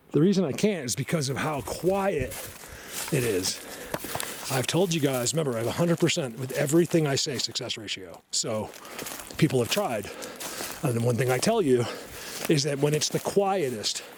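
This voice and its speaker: A man vlogging casually while walking through a snowy forest, rambling and excitable, often laughing and dropping to a hushed voice. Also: mid-range voice, background noise. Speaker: vlogger, Bigfoot researcher. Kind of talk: casual hiking vlog.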